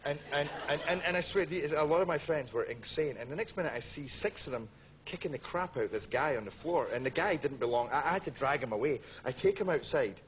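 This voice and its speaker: A Scottish man, a talk show guest, telling animated anecdotes, laughing through them, with many restarts and acted-out voices. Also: fairly high pitch, quick pace. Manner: laughs through his stories, stacks up restarts and acts out quoted voices. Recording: heavy background noise.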